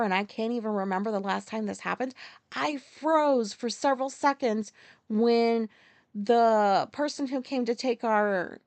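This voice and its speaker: A woman's voice: a little high, no room sound. A woman in her forties hosting a casual solo podcast, telling stories candidly, ranting and swearing freely. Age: 40s. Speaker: podcast host.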